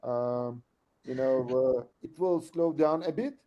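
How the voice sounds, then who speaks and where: A man presenting a demo on a video call, speaking haltingly with many fillers. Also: medium pitch, dull audio. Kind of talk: technical discussion.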